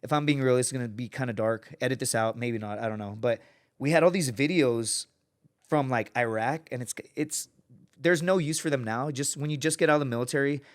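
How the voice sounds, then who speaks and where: A man's voice: mid-range voice, a little fast. A man in his thirties telling stories as a podcast guest in a casual, profane way. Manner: profane, lively anecdote-telling, acts out quoted people. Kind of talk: casual storytelling.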